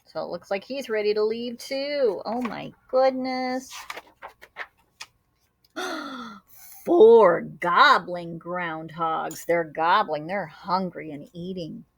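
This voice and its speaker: A woman teacher reading a picture book aloud to children. She tells it with animated storytelling and adds short asides and sound effects. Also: mid-range voice, a little slow, few pauses.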